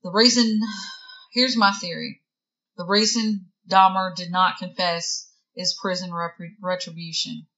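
A woman's voice: on the low side, fairly even intonation, a little slow, sharp tone, dull audio. A woman co-hosting a true crime podcast, reading facts from notes and chatting, with the hiccups. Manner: reads facts aloud, with hiccups and giggles. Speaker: podcast co-host.

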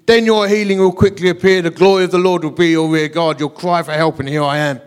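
A middle-aged man telling a story from the pulpit, his voice sitting high for a man. He is lively and self-mocking, and he acts out each character's lines as he goes. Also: fast, clean tone. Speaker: guest preacher. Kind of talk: storytelling sermon.

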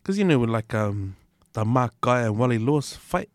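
A man's voice: medium pitch, very animated, moderate pace, no echo, studio quality. A man with a New Zealand accent in casual podcast chat, slangy, swearing and tagging lines with "eh". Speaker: podcast panelist.

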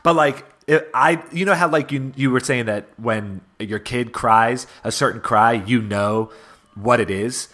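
A man, a father and co-host, telling a funny story in casual chat, animated and laughing as he goes. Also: medium pitch, unhurried.

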